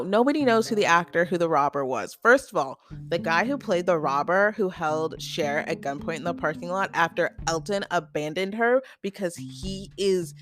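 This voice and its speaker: A young adult woman hosting a casual solo podcast, chatty and opinionated, full of "like" and quick asides. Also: lowish voice, a bit bright. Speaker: podcast host.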